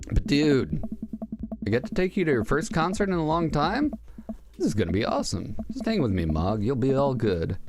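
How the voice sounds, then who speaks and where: Brief: friendly, upbeat punk dad in a dating game, lively pitch, music behind, read by a man. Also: normal speed. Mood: encouraging.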